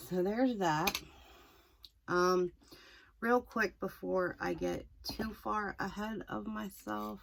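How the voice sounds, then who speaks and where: A young woman chatting through a makeup tutorial, rambling and self-deprecating, a little hoarse. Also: fairly low pitch, fairly bright tone, a little hiss or hum. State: slightly hoarse, losing her voice. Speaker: makeup vlogger.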